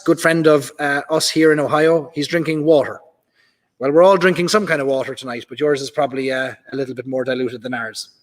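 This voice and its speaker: A man with an Irish accent hosting a live whiskey stream, chatting casually and reading out viewer comments from a club hall. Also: a little high. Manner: chatty, reads out viewer comments, many fillers. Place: large club function hall. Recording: reverberant hall.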